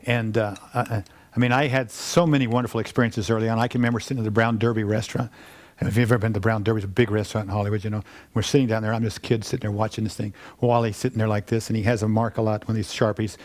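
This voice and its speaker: An older man giving a casual storytelling talk to an audience about his work in wealth planning, rambling and animated, with restarts and asides. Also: fairly low pitch. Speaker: wealth planning firm founder.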